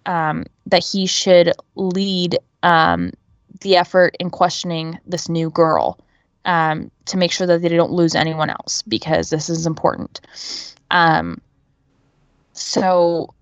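A woman's voice: fairly low pitch, lively intonation, slow pace, dry recording, lo-fi sound. A woman co-hosting a podcast, giving a casual, chatty recap full of fillers like "um" and "you know". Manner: chatty, filler-heavy retelling. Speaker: podcast co-host.

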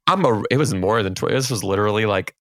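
A young man trades jokes and teases his co-host in fast, playful banter. His pitch jumps around a lot as he riffs. The sound is dry and close, with almost no room around it. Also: animated, no echo. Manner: teasing, joking, quick playful banter. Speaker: podcast co-host and comedian. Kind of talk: casual chat.

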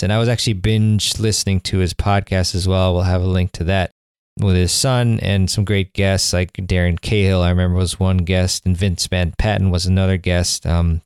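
A man's voice: sits low, a little mellow, smooth, no echo, studio quality. A man hosting a podcast, talking in a rambling, enthusiastic way with lots of fillers and restarts. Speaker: podcast host. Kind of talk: casual conversational intro and interview.

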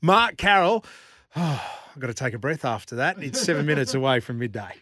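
A man's voice: medium pitch, big pitch swings, fairly quick, sharp tone. A man hosting a radio show, interviewing a guest in an affable, encouraging way. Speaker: radio host.

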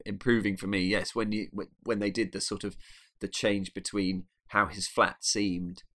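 A man's voice: fairly low pitch, little pitch movement, normal speed, a bit bright. A man talking about a film, hesitant, with many restarts. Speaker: film reviewer. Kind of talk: casual film discussion.

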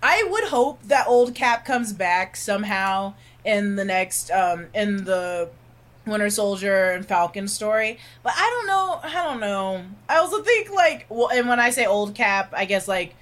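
A woman hosting a casual podcast chat, excitable and laughing often as she talks. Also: mid-range voice, unhurried. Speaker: podcast host.

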